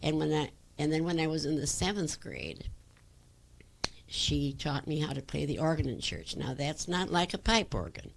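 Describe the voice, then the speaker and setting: Older woman reminiscing, deep and gravelly. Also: big pitch swings, normal speed, slight background noise. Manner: reminiscing, rambling with many fillers and restarts. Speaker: interviewee. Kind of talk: oral history interview.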